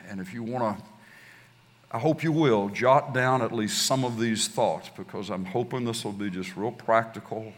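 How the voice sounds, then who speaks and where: A man preaching a sermon as pastor, leading his congregation in call and response with slow, emphatic recitation. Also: fairly low pitch. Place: church sanctuary. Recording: distant hall reverb, faint ambience.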